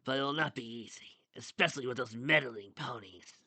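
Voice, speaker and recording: A man voicing a smug, scheming male villain with claws who talks smoothly. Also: mid-range voice, a little fast, bright, forceful tone, no echo.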